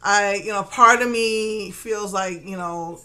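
Chatty bright-voiced woman retelling her day. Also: medium pitch, takes it slowly, rough recording. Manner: chatty, retelling events with quoted dialogue and nervous laughs. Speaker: mother. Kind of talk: casual personal vlog storytelling.

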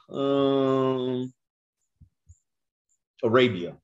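A man teaching a Bible class, questioning his students and drawling key phrases slowly for emphasis. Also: mid-range voice. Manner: animated, questions the class and waits for answers. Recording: dull lo-fi recording.

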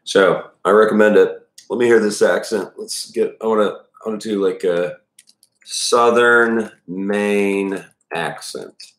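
This is a man with a very low voice rambling casually, stopping and restarting his thoughts and chatting between reading bits. He sounds like he's at home, and the room comes through noticeably echoey. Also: fairly even intonation, moderate pace, few pauses. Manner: rambling, many restarts and fillers, self-deprecating. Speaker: reader giving commentary.

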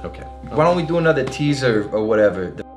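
A man's voice: medium pitch, sing-song, fast, soft background music, voice pushed up, natural voice. A man playing a crude, cocky young gym-bro interviewer who mocks his guest in bro slang. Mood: mocking.

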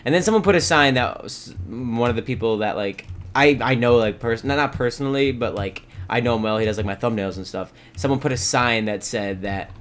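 A man hosting a let's play, chatting casually and excitedly coaxing and yelling at the animals in the game. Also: mid-range voice, fairly quick, hardly any pauses, slight background noise. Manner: excitable, yells and coaxes at game animals, rambling asides. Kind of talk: casual gameplay commentary.

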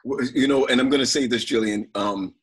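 A man leading a family video call, praying and then handing the floor to relatives with halting, restarting speech. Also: mid-range voice, breathy edge. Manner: halting, with many restarts and fillers. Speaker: family call host and prayer leader. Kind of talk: prayer, then casual video call hosting.

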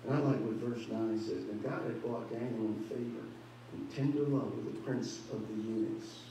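A man's voice: on the low side, steady tone, moderate pace, mellow, a little hiss or hum. Man preaching in an echoey church. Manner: preaching with rising emphasis and rhetorical questions. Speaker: pastor. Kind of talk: sermon. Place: church sanctuary. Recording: echoey church hall, distant mic.

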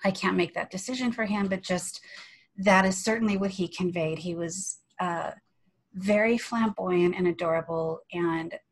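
A woman on an online panel spins a frank, lively story in a lowish voice, swearing casually as she goes. She talks as if to friends over a video call, candid and unguarded. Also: normal speed, rough recording.

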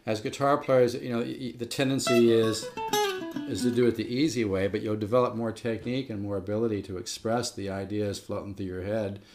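Low-voiced man teaching guitar. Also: steady tone, brisk. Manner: loose and rambling, with restarts. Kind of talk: casual guitar lesson. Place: home room near the beach. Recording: guitar playing clearly under the voice. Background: guitar playing.

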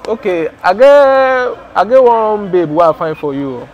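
A man's voice: high voice, sing-song, measured pace, highs cut off, slight background noise. Insistent Nigerian Pidgin-speaking man. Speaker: blind date man. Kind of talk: comedy skit acting.

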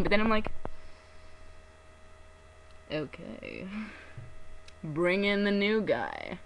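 A woman's voice: fairly low pitch, big pitch swings, moderate pace, pauses often, low-quality recording. A young woman in casual chat to camera, gushing and rambling with many fillers and giggles. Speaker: vlogger.

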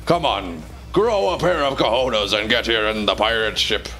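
A man's voice: on the low side, lively intonation, moderate pace, bright, forceful tone, soft background music. A streamer voicing a blustering male pirate captain who keeps growling yar. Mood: gruff. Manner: gruff, tacks yar onto lines.

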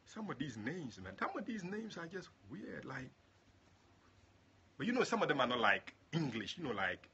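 A male prophet and pastor praying and then chatting affectionately with his online viewers, greeting them by name and jumping into high exclamations. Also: big pitch swings, normal speed, vocal fry, pushed and bright, highs cut off, slight background noise. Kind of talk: livestream prayer and chat with viewers.

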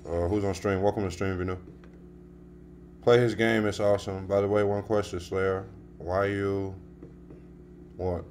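A man's voice: a little slow, long pauses, slight background noise. A man streaming a game live, talking in slangy trash-talk to other players. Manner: slangy, trash-talking, bursts into high excited yelling. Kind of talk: live gameplay commentary.

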